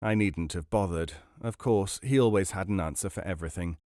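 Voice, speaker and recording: A man narrating a book aloud in a measured, expressive storytelling manner. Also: low voice, dry recording, studio quality. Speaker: podcast narrator. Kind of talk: audiobook reading.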